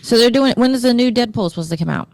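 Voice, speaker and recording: A woman's voice: a little high, expressive, fast talker, darkish tone, no room sound. A woman co-hosting a casual comedy podcast, chatting loosely and often searching for words. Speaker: podcast co-host.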